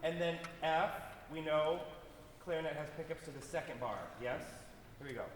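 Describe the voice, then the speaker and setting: A man's voice: fairly high pitch, moderate pace, slight background noise. A man conducting an orchestra rehearsal, counting in and singing phrases to show how they go. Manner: energetic, counts in and scats the phrases. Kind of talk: rehearsal instruction. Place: concert hall stage. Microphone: distant room mic. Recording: echoey hall from far off.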